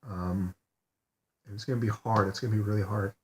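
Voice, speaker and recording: Quiet depressed man, halting and low. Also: steady tone, slight background noise. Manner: quiet, halting, repeats himself and swears often. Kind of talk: personal video diary. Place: lying in bed.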